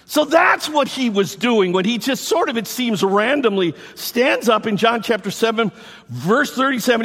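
Enthusiastic male pastor, sermon delivery, high voice, swooping intonation. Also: unhurried. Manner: enthusiastic, animated, repeats himself for emphasis. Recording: long reverb from the hall.

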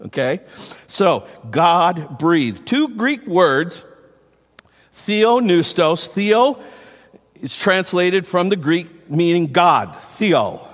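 High-voiced preacher in a reverberant hall. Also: male voice, very animated, fairly bright tone. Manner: teaching, repeats key words slowly and asks the congregation questions. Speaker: pastor. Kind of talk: sermon.

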